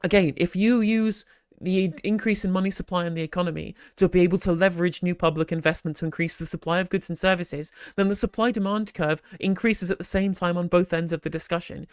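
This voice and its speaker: A live stream host in casual commentary, rambling and animated, with frequent restarts and sarcastic asides, on a close microphone. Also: mid-range voice, a little fast, clear, resonant tone, no echo.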